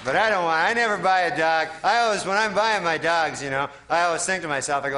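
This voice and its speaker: A man from Canada doing a stand-up comedy set, deadpan and rambling with lots of fillers. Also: on the high side, quick pace. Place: TV studio stage. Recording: crowd laughter and noise of a TV studio audience.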